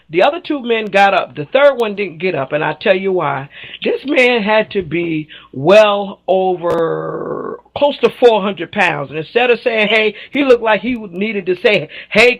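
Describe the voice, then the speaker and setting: On a rough recording, a sassy, outspoken woman with a mid-range voice chats casually as a radio show guest. She's an animated storyteller who laughs a lot and plays out the characters in her tales.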